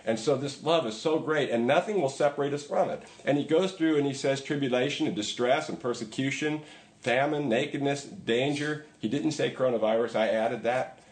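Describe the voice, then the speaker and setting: A man's voice: mid-range voice, moderate pace, roomy sound. A man preaching a sermon in a conversational way, with emphatic repetition. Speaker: pastor.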